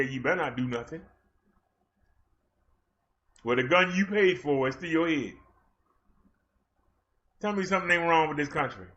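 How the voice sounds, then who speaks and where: Male livestream host, fired-up confrontational rant, higher-pitched, muffled lo-fi sound. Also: fairly bright tone. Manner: fiery, confrontational, challenges his chat. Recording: dull lo-fi stream audio.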